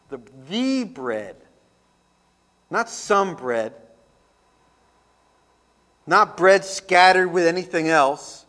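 Slow, high-voiced male pastor preaching. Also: fairly bright tone. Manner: emphatic, deliberate preaching that repeats key phrases. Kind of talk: radio ministry sermon.

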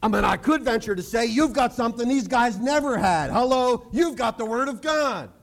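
A man preaching a sermon to his congregation, animated, joking and acting out the people in the story. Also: extremely high pitch, moderate pace, gravelly. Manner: animated preaching with jokes and acted-out quotes. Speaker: pastor.

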